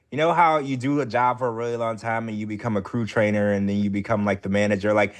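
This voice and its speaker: A man co-hosting a casual podcast recap, chatty and animated, his voice jumping up high when excited. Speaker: podcast co-host.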